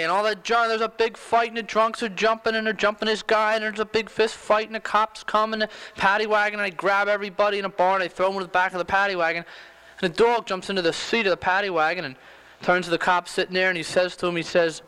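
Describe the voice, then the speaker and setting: A male radio DJ with a high, smooth voice, chatting casually between songs. He rambles through jokes in a loose, unhurried patter. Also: level tone, bright, forceful tone, low-quality recording. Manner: rambling joke-telling.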